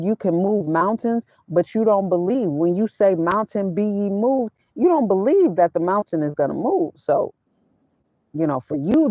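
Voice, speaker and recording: A woman's voice: on the low side, no room sound. A woman vlogger giving a casual spiritual talk in a preachy way, quoting scripture and mixing in casual slang. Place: inside her van. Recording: dull, dry sound.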